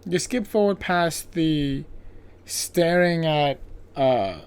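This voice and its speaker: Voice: medium pitch, expressive, slow, darkish tone, smooth. Chatty, rambling podcast host. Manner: chatty and rambling, heavy on filler words; playfully sarcastic, laughs at own jokes. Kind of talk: casual film plot recap.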